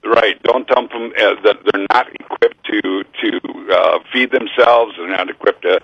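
A man's voice: lowish voice, a little slow, vocal fry, breathy edge, lo-fi sound. A man with a Minnesota accent, a guest author on a casual radio interview. He is easygoing and agreeable and often repeats his words.

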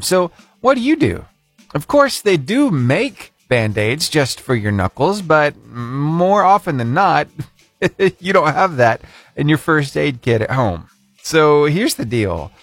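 A man's voice: fairly high pitch, fairly bright tone, breathy edge, no room sound. A man hosting a short radio feature segment, telling the story in a chatty, playful way with punchy emphasis. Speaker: radio host.

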